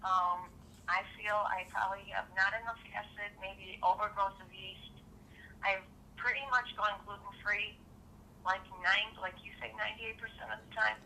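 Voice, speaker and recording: A middle-aged woman calling in, hoarse from too little sleep, talking in a chatty, rambling way. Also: mid-range voice, steady tone, normal speed, pushed and bright, slight background noise, poor audio. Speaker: caller. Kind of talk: phone call chat.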